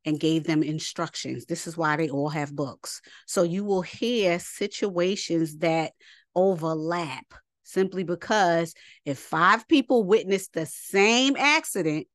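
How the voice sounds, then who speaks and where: A Bible teacher with a lowish female voice, recorded dry at studio quality, gives a chatty, colloquial scripture lesson. She reads passages aloud and breaks off into asides.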